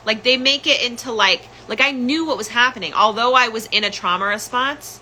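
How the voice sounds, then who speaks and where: A woman's voice: fairly high pitch, brisk, hardly any pauses, pushed and bright, a little hiss or hum, poor audio. A young adult woman hosting a podcast, telling a personal story in an emotional, candid way and repeating phrases for emphasis. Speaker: podcast host.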